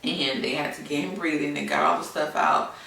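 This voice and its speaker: A woman's voice: low-pitched, steady tone, a little fast, gravelly, pushed and bright. A woman candidly telling a personal story in a chatty way, with many fillers. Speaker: vlogger, new mother. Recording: echoey room, mic at a distance.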